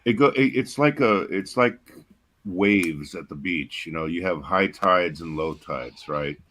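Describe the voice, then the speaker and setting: Deep-voiced man joking in casual chat. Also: expressive, unhurried, a bit bright. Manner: dry, joking, argues his point. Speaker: guest.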